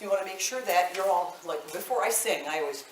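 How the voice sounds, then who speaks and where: A woman's voice: on the low side, expressive, brisk. A woman voice teacher leading a live singing workshop, chatting to the group and checking in with "okay?" after each point. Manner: chatty, ends phrases with "okay?". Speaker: voice teacher and choir director. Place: large echoey room with a live group. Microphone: room mic at a distance. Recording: roomy, distant, faint hiss.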